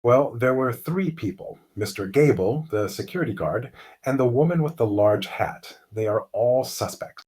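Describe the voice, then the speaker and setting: A man narrating a mystery story slowly and clearly as host of a lesson for English learners. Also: medium pitch. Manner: calm, clear, deliberate.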